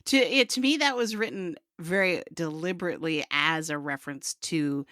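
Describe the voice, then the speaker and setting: Bright, forward voice, dry close mic; lively co-host who laughs and jumps in. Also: mid-range voice, no echo. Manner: laughs often, lively and quick to interject. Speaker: film podcast co-host. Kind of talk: casual film review chat.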